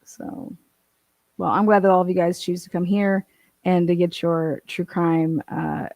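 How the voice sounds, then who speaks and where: Hosting a relaxed livestream, a woman chats and reads viewer comments aloud, laughing and cursing frequently. Her voice is lowish, creaky and somewhat dark, delivered at a measured pace with no echo.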